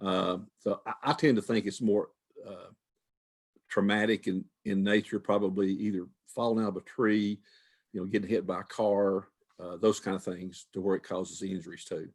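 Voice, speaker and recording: Here a retired wildlife manager, an older man, speaks at normal speed in a low, steady voice with a breathy edge. He fields questions folksily and conversationally, often repeating words and starting phrases over.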